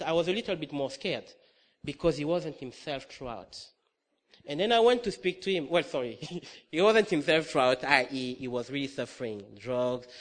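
A middle-aged man preaching a sermon, telling a personal story with lively acted-out dialogue and frequent laughter. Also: a little high. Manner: animated storytelling, acts out dialogue, laughs often.

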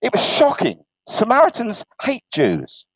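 A man's voice: extremely high pitch, measured pace, vocal fry, husky, dry recording. A man preaching informally, telling a joke and then reading scripture in a chatty, self-correcting way. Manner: animated, chatty storyteller who stumbles and corrects himself. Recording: dull lo-fi recording.

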